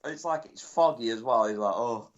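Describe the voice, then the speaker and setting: A man's voice: medium pitch, fairly quick. A man co-hosting a podcast, telling crude jokes and stories in casual banter. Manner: crude, joking, storytelling. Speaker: podcast co-host. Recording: dull lo-fi sound.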